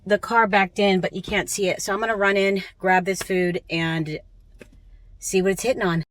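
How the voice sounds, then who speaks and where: A woman's voice: mid-range voice, level tone, normal speed, dry recording. A woman chatting enthusiastically in a travel vlog, recorded on a handheld phone in a parked car. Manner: enthusiastic, gushing. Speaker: travel vlogger. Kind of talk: casual vlog chat. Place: parked car in a parking lot.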